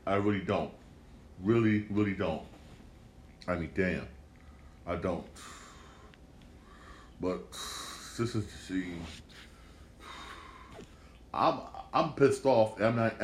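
A man with a fairly low voice runs a loose solo podcast commentary. He swears often, repeats himself and trips over restarts. The sound is echoey, with a faint room hum behind him. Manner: profane, repetitive, stumbling restarts. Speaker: podcast host.

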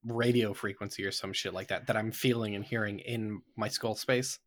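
A man playing a tabletop role-playing game, excitable and animated, swearing casually. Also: on the low side, moderate pace. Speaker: player.

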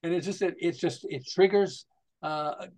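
This marketing consultant, in his 60s or older, speaks at a measured pace in a slightly high voice on a podcast. Telling jokes and stories conversationally, he's animated and laughs often.

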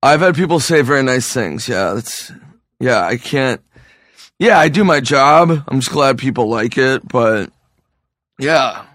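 A man's voice: medium pitch, animated, unhurried, fairly bright tone, no room sound, clean studio sound. A hungover man, a comedian guest, telling loose, profane stories in a casual podcast interview. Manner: loose, profane storytelling with restarts.

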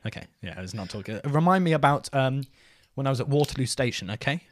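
A man's voice: mid-range voice, animated, quick pace. A man co-hosting a casual comedy chat, playful and jokey. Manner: playful, bursts into silly jingles. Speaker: podcast co-host.

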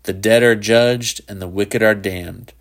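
A man's voice: on the low side, steady tone, measured pace. A man reading a sly teenage hellfire preacher. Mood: knowing.

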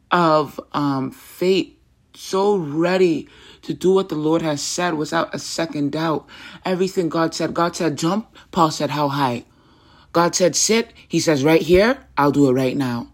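A woman hosting a faith podcast, talking in an earnest, chatty way with casual slang and quick asides. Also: low voice. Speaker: podcast host. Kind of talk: casual devotional podcast talk.

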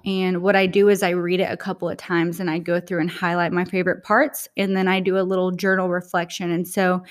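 A woman hosting a spiritual podcast monologue, talking in an earnest, heartfelt and reflective way. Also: on the low side. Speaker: podcast host.

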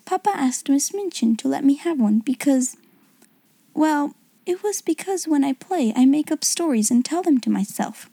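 A woman voicing a clever, imaginative young schoolgirl in a soft whispered role-play, hushed and wondering. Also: high voice, expressive, moderate pace, creaky, no room sound, pitched above the performer's own voice.

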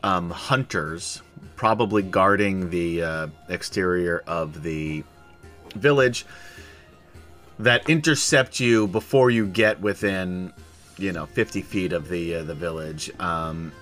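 Relaxed game master man, lots of ums. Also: low voice, takes it slowly, faint music behind. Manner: relaxed, many ums and uhs. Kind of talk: narrating a tabletop game.

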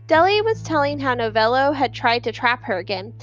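A woman narrating an audiobook in an expressive storytelling manner. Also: high-pitched, fairly quick, dull audio, soft background music. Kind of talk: scripted narration.

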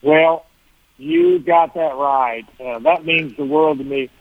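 Guy on the phone telling music stories, restarts a lot, dry sound, kinda high voice. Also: huge pitch swings, takes it slowly, vocal fry, dry recording. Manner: rambling, self-correcting, chuckling. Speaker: guest musician. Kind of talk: casual storytelling interview. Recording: tinny phone line.

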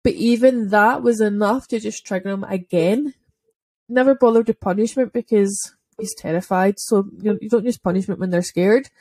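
A woman's voice: mid-range voice, normal speed, warm tone, dry recording. A woman telling a dog-walking story in a casual podcast chat, chatty and full of "like" fillers. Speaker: dog owner and podcast speaker.

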